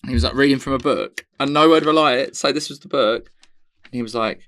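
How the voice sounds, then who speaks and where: A man's voice: mid-range voice, fast talker, fairly bright tone, no room sound, studio quality. A man co-hosting a casual comedy podcast, telling anecdotes with bursts of laughter. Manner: chatty storyteller, bursts of laughter. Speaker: podcast co-host.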